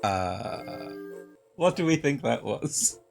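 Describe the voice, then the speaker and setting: A man's voice: mid-range voice, big pitch swings, slow pace, gravelly, faint music behind. A young man giving dry, self-deprecating comedic commentary while playing a video game. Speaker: gaming video host. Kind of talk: comedic let's play commentary.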